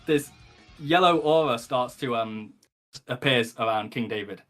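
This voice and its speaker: A man's voice: mid-range voice, measured pace, a bit bright, soft background music. A man narrating a tabletop game as game master, rambling along with many ums and likes and the odd swear word.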